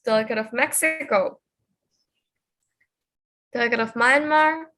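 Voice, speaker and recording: Female committee chair, slow and slightly unsure delivery, high-ish voice, video call. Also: sharp tone. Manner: hesitant, with many fillers. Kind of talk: online roll call.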